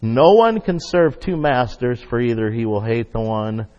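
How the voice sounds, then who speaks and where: A man preaching a sermon as pastor, emphatic, swinging between loud stress and hushed asides. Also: medium pitch, animated, measured pace. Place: church sanctuary. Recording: dull audio with long hall reverb.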